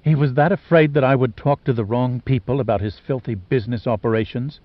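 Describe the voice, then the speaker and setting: A man's voice: mid-range voice, fairly quick, dry recording, close to an everyday voice. A defiant woman, angry and afraid, snapping out her lines, as a male narrator reads her. The sound is dry and somewhat dull. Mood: outraged. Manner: snapping, outraged. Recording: dull lo-fi audiobook recording.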